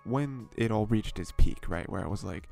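Young male podcast host, casual rambling commentary, gravelly, very dark tone, faint music behind. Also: on the low side, animated, moderate pace. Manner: rambling, filler-heavy, exasperated.

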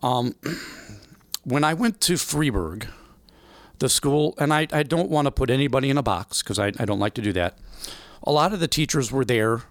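Animated man telling a story. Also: medium pitch, normal speed, no echo. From Illinois, USA. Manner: animated storyteller, acts out voices in quotes. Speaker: guest. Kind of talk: storytelling interview.

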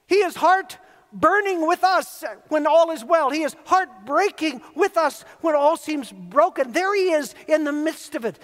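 A man's voice: very high-pitched, animated, unhurried, fairly bright tone. A male pastor preaching an earnest sermon, telling stories and building emphatic repeated phrases. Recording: long reverb of a large hall.

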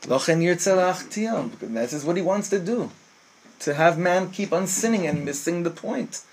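A man giving an impassioned Torah sermon, teaching rabbinic texts and quoting them aloud, with a husky voice. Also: high voice, lively intonation, moderate pace, a little mellow. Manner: impassioned, mixes Hebrew phrases, acts out angel voices.

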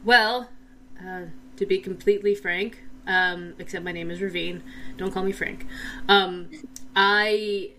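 An earnest young knight, unsure of himself, speaks in halting and sincere phrases, as a woman voices him. The voice is bright and unhurried. There is a faint hiss behind it. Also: mid-range voice, steady tone, low-quality recording. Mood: hesitant.

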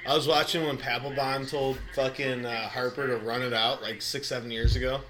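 A man's voice: medium pitch, steady tone, fairly quick, crowd noise. A young man in casual podcast chat, telling rowdy stories with lots of swearing and laughter.

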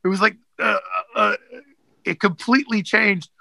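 Bright, gravelly man telling stories. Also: sits high, fairly even intonation, normal speed, dry recording, poor audio. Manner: rambling, many fillers and restarts. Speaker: actor guest. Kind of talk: casual interview storytelling.

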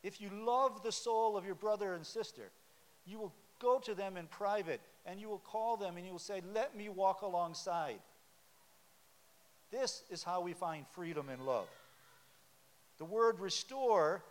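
A man preaching a sermon in a church sanctuary, talking conversationally and quizzing the congregation with questions. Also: high voice. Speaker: pastor. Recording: long hall reverb with faint hiss.

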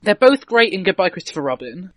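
English young podcast co-host, fast talker with a somewhat high voice, dry close sound, keen and stammery. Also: male voice, sing-song, no room sound. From England. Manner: enthusiastic, talkative with stammered restarts. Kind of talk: casual chat.

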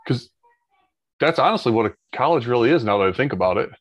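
A man's voice: mid-range voice, lively intonation, fast, no echo. A man, talking in a casual podcast chat, rambling with many restarts. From Ohio, United States. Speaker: guest.

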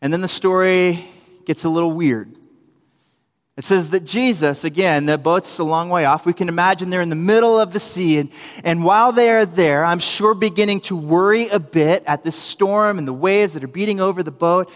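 A young man preaching a sermon in a church, telling the story with animated delivery, acted-out quotes and humorous asides, heard in a reverberant hall. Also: high-pitched, moderate pace. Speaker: preacher, youth minister.

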